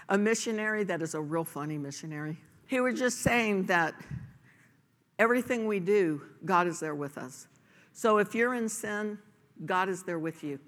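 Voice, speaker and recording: Bright-voiced woman preaching in a hall. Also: mid-range voice, expressive, normal speed. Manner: earnest, emphatic preaching with rhetorical questions. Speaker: pastor. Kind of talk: sermon. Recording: long hall reverb.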